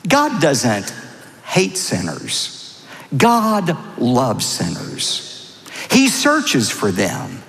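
A middle-aged male pastor preaching a sermon in a church, animated and acting out voices when he quotes. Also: medium pitch, creaky. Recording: long hall reverb.

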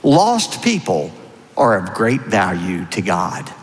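A middle-aged male pastor preaching a sermon in a church, animated and acting out voices when he quotes. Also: on the low side, takes it slowly. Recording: long hall reverb.

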